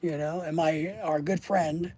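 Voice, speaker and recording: Here a man hosting his channel uses a fairly high pitch, fairly even intonation, and a measured pace, his tone a little mellow. He rambles casually through a long personal story, swears, and often lets sentences trail off.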